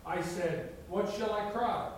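A man's voice: high voice, slow, slight background noise. A middle-aged man preaching a sermon as a pastor, reading scripture aloud with emphatic rises. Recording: very echoey hall, mic far off.

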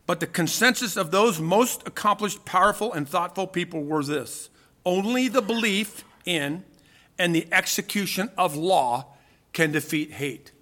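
Male preacher, emphatic sermon delivery, rhetorical questions, high bright tone. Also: a little slow. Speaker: pastor.

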